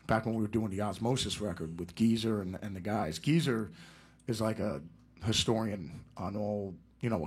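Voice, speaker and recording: A middle-aged man with a husky, lowish voice spins loose, rambling anecdotes, chuckling as he goes. He sounds relaxed and chatty, the way a guest sounds on a casual interview show. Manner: rambling anecdotes with laughs and impressions. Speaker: guest musician.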